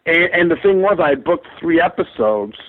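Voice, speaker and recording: A comedian calling in as a guest, telling animated, profane anecdotes and acting out the dialogue of others. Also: male voice, a little high, normal speed. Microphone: phone. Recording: tinny phone line.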